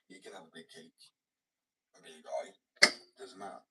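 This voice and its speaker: A man's voice: low voice, flat delivery, moderate pace, long pauses. A young man rambling casually and swearing, often dropping to a whisper. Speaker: vlogger. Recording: far from mic, faint noise.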